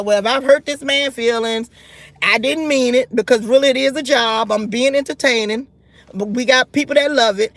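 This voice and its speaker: A woman's voice: high-pitched, dry recording. A woman delivering a heated, scolding commentary rant, often repeating and restarting her words. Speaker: YouTube commentary host.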